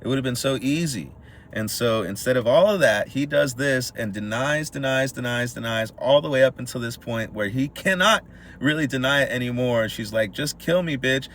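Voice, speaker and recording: On a podcast, a male co-host casually recaps a movie, telling it in an animated way and acting out the characters' lines. His voice is mid-range at a normal speed, with a faint hiss or hum in the recording.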